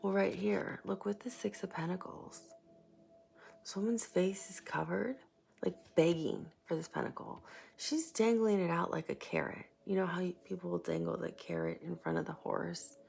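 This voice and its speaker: Woman, tarot reader, low gravelly voice, rambling chatty talk, soft whispery asides, faint background hiss. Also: moderate pace. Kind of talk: casual tarot reading monologue.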